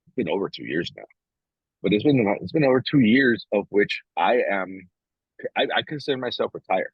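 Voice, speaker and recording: Low husky man talking bluntly. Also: animated, moderate pace, no echo, muffled recording. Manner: frank, blunt, swears freely; reflective, with many restarts. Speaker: podcast co-host. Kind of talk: casual podcast conversation.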